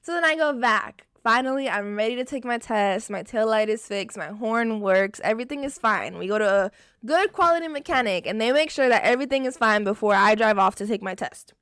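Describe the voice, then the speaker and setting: A young woman vlogger telling a storytime in casual, expressive chat, often swearing. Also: a little high, fairly quick, clean tone, no echo, clean studio sound. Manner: animated, expressive and profane.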